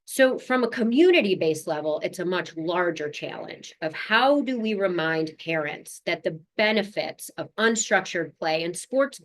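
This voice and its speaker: A woman's voice: on the low side, animated, normal speed, hardly any pauses, a bit bright. A woman psychologist giving a community presentation, talking in a conversational, earnest way, mixing advice with personal stories and checking in with the audience. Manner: speaks directly to the audience, checking in with "right?" and "okay". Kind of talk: community lunch-and-learn presentation.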